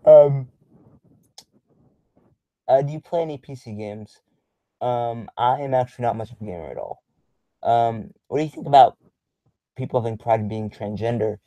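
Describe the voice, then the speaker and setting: A young man chats through a casual livestream, answering viewers in loose, rambling sentences packed with ums and the odd curse. His voice sits at an ordinary male pitch and sounds dry and close, with no room echo. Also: normal speed, pauses often, mellow, muffled recording. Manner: rambling, filler-heavy, blunt and profane. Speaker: livestream host answering chat.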